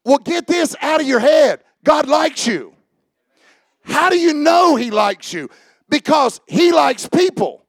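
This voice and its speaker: A high-pitched, gravelly male preacher rouses the congregation with questions and shouted lines. The sound is dry and close. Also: expressive, slow pace, no room sound. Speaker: pastor. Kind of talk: sermon.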